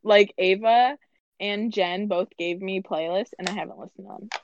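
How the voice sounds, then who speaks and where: A woman's voice: medium pitch, fairly even intonation, normal speed, muffled recording, a little hiss or hum. A woman co-hosting a music podcast, casual and sleepy, yawning through the chat. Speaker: podcast co-host.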